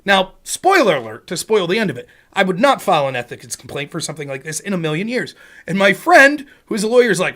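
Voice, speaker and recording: A man's voice: high-pitched, sing-song, quick pace, a bit bright. A man hosting a livestream, ranting in a sarcastic, profane way. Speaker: streamer host.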